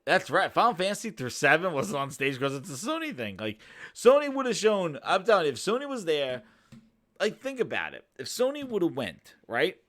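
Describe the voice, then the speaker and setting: A man rants off the cuff on his gaming channel. His voice jumps up and down in pitch as he goes, bright and forceful, and his rambling talk is full of swearing and laughter. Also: wildly swooping pitch, fairly quick. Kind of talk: casual reaction rant.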